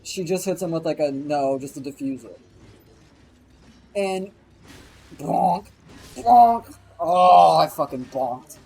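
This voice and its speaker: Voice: medium pitch, unhurried, long pauses, mellow, slightly rough, rough recording. Profane rambling live streamer. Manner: profane, rambling, acts out quoted people. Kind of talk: casual live-stream storytelling.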